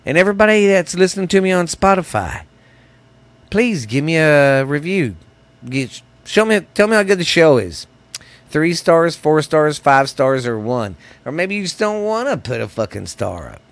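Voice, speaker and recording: A man's voice: a little high, very animated, moderate pace, no room sound. A man hosting a casual, rambling podcast, rowdy and profane, stuffy from sinus trouble. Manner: rowdy, profane, rambling, calls listeners baby. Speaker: podcast host. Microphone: close studio mic.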